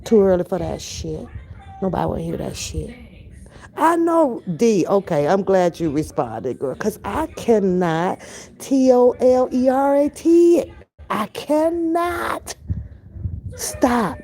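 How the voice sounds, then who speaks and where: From her kitchen at home, an older reaction-channel host talks to her viewers in a slightly mellow, mid-range voice, very animated yet slow. She speaks bluntly and emphatically, swearing and stretching words out.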